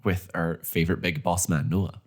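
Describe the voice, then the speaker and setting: A young man co-hosting a podcast in casual chat, playful and quick to laugh. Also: low voice, little pitch movement. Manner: playful, giggly, jokey. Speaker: podcast co-host.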